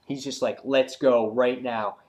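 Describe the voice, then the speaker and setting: A man reviewing a comic book in casual talk, retelling scenes excitedly with many fillers and acting out the characters' lines. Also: mid-range voice, unhurried. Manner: loose and rambling, many fillers.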